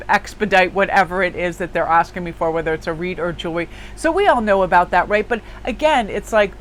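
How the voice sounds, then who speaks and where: A woman's voice: medium pitch, a little hiss or hum, poor audio. A woman in a casual daily tarot reading, chatty and emphatic, with lots of filler words. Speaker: tarot reader and small business owner.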